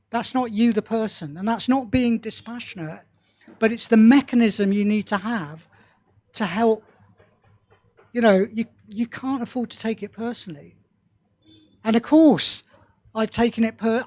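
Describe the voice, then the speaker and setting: A man's voice: sits high, a little mellow, dry recording. A man, an experienced production head, speaking on a panel in a rambling, self-deprecating way. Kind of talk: panel discussion.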